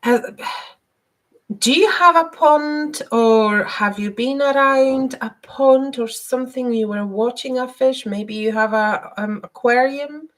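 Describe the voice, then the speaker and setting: Slow gentle lady doing psychic readings live, kinda high voice, lots of ums and repeats. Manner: hesitant, many filler sounds and repeated words; soft and gentle, guiding breathing. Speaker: spiritual reader and live stream host.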